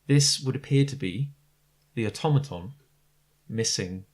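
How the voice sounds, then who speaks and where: A man's voice: medium pitch, a little slow, darkish tone. A man narrating as game master of a tabletop game, describing scenes with many fillers and restarts. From Britain.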